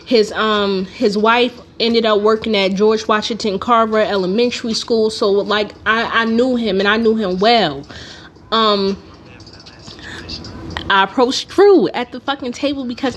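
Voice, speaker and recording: Young adult woman, podcast host, fairly high voice, swears freely while telling a fired-up story. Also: unhurried, a bit bright, a little hiss or hum. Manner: profane, heated storytelling. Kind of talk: casual storytelling monologue.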